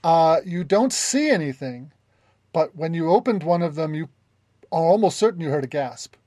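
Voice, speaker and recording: A woman's voice: deep voice, animated, moderate pace, dark tone, no room sound. A woman running a tabletop game as game master, narrating with many stops and restarts. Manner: hesitant, many restarts and fillers.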